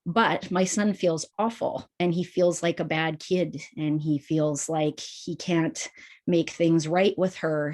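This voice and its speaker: A mother earnestly explaining a problem between her children and asking for advice, sometimes halting as she thinks. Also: on the low side, darkish tone. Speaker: parent asking a question. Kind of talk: asking a question in a Q&A call.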